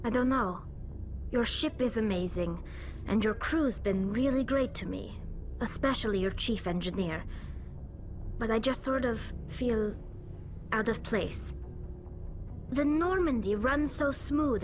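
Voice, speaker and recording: A shy young alien engineer in a video game. Her voice sits a little high and comes out soft and hesitant. She sounds earnest. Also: lively intonation, a little slow. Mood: wistful.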